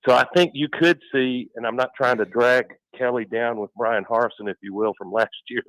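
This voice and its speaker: A man's voice: mid-range voice, fairly even intonation, normal speed, fairly bright tone, no echo, poor audio. A man co-hosting sports radio in casual talk, analytical and fond of building vivid game scenarios.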